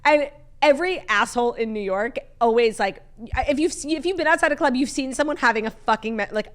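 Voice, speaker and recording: This podcast co-host is a young woman whose slightly high voice moves fairly quickly. She trades gossipy stories in relaxed chat, telling them in an animated way with plenty of "like"s.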